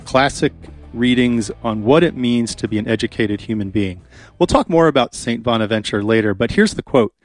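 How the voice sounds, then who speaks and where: A man's voice: medium pitch, normal speed, no room sound, soft background music. A man hosting a radio talk show, chatting casually and rambling with many fillers from a studio.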